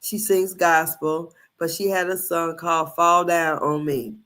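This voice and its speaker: A woman's voice: on the low side, steady tone, measured pace, fairly bright tone. A middle-aged woman from Indiana hosting a casual recap show, chatty and rambling, often laughing as she tells stories. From Indiana, USA. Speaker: podcast host. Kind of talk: casual commentary.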